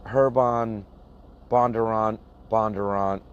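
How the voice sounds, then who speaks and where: Slow-talking low-voiced man, vehicle hum. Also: fairly even intonation, clean tone, lo-fi sound. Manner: slow, plain-spoken, laughs at his own mispronunciations. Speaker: box truck owner-operator vlogger. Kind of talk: casual talk to viewers, reading a load list aloud.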